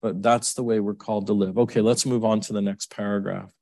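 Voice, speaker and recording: A man's voice: flat delivery, brisk, a little mellow, no room sound. Emotional preaching man, dry close sound. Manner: emotional, rambling with repeated restarts and sudden pitch swings. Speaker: pastor. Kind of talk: sermon.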